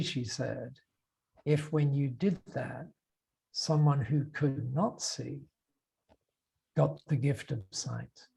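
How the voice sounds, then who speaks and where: Gravelly older Australian man telling a story. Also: medium pitch, slow, pauses often, rough recording. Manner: animated storyteller, acts out quoted dialogue, frequent uh and restarts. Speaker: podcast guest. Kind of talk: storytelling interview.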